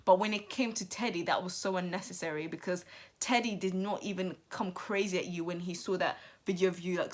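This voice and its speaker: A woman giving animated, sassy commentary on a reality TV show, talking straight to her viewers with emphatic asides. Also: on the low side. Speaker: TV commentary vlogger.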